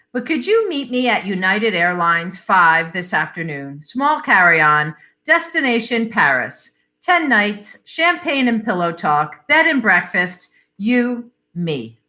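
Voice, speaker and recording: Woman voicing a middle-aged husband, clipped, insistent, slow, lively pitch. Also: full character voice. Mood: cheerful. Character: impulsive middle-aged husband, blunt and bitter.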